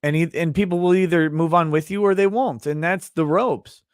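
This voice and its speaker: A man hosting a livestream, chatting casually with a guest and reading viewer comments aloud with many halting restarts. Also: fairly high pitch, clear, resonant tone, dry recording, studio quality. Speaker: livestream host.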